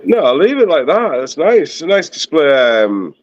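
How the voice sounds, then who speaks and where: A man's voice: on the high side, very animated, normal speed, highs cut off. A man, the host's father, chatting casually on the stream and laughing often. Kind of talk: casual chat.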